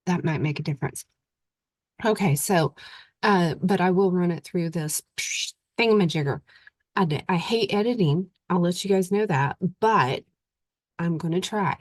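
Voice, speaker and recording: A woman's voice: fairly low pitch, moderate pace, no echo. A woman with an Oklahoma accent and a stuffy voice from recent illness, hosting her show in a rambling, chatty way into a computer mic at home. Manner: rambling, chatty, laughs often. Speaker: podcast host. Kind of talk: casual chat.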